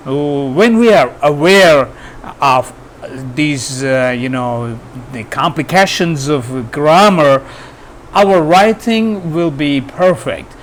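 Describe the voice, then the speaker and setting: A man's voice: a little high, animated, slow pace, slight background noise. A man teaching grammar, hesitant, with many fillers and restarts. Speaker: English teacher. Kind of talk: grammar lesson.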